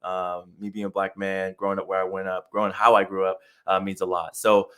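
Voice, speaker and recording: A man's voice: low-pitched, completely flat delivery, a little fast, a bit bright, clear, resonant tone. A man, a career coach, talking as a podcast guest in an enthusiastic, slangy way, with many "like"s and "um"s. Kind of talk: casual interview chat.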